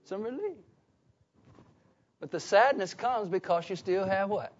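In a dull lo-fi recording, a high-pitched male preacher speaks at normal speed. His sermon is emphatic and conversational, with frequent questions directed at his listeners.

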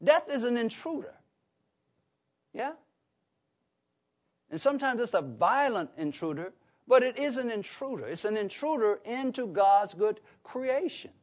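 In a dull lo-fi recording, a man with a very high-pitched, expressive voice preaches at a measured pace with long pauses. His sermon is conversational, full of call-and-response questions to the congregation and frequent restarts.

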